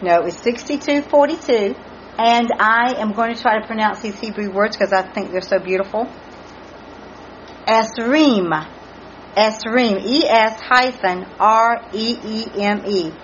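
A woman's voice: fairly high pitch, normal speed, slight background noise. Earnest woman teaching a Bible study. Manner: earnest, spells out Hebrew words letter by letter. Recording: muffled lo-fi recording with faint background ambience.

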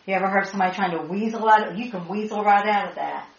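A woman leading a Bible study, excited and animated, spelling out words and laughing as she teaches. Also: medium pitch, fast, gravelly. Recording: echoey muffled room audio.

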